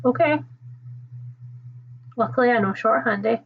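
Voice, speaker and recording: A woman's voice: a little high, measured pace, a little hiss or hum. Chatty Scottish woman on a lo-fi stream. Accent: Scottish, toned down. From Scotland. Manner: chatty, warm to viewers, laughs often. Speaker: book channel host. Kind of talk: casual livestream chat reading comments.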